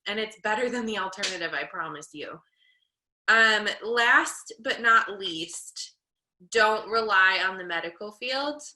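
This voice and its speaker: Bright-voiced woman giving earnest advice. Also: medium pitch. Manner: earnest, measured, frequent ums. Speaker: podcast guest. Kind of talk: candid advice-giving talk. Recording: roomy echo.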